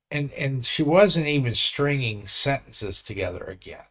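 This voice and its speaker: Slow-talking man in his sixties. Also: mid-range voice, animated, fairly bright tone. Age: 60s. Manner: earnest, rambling storytelling with restarts. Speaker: vlogger. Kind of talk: casual vlog talk.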